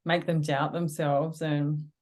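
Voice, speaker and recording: A woman's voice: low-pitched, little pitch movement, slow, a little mellow. A woman hosting an interview, responding with sympathetic, affirming summaries of what her guest says. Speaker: interview host. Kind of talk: interview conversation.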